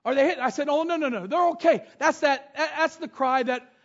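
The dull, lo-fi recording carries a pastor's sermon: a middle-aged man, very high-voiced and fairly bright, speaking at ordinary speed. He tells stories from family life and reads scripture aloud before retelling it.

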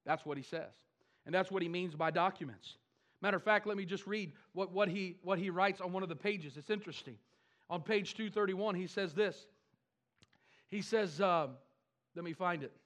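A man preaching a sermon to his church, animated and with wry asides. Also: high-pitched, moderate pace. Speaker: pastor.

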